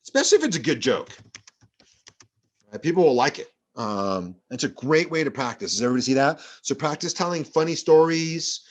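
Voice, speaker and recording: A man's voice: on the high side, very animated, fairly quick. A male professor giving a rambling, anecdotal classroom lecture full of fillers.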